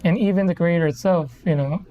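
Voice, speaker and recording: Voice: mid-range voice, brisk, dull audio, slight background noise. A person in their thirties from the Philippines, chatting casually on a live stream in a rambling, self-correcting way. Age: 30s. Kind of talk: casual live-stream chat while building a model kit.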